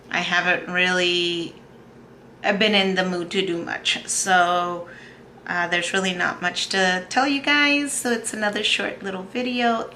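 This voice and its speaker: A woman in her thirties talking in a personal video diary, soft and halting, with many pauses and fillers, close to tears. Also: mid-range voice, slight background noise. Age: 30s. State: emotional, on the verge of tears. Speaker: vlogger.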